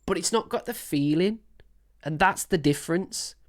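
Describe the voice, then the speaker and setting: Picture a woman with a low, deep-set speaking voice hosting a music reaction. She rambles happily, piling on fillers and gushing over what she hears, in a loose and casual commentary. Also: moderate pace. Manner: enthusiastic, rambling with many fillers.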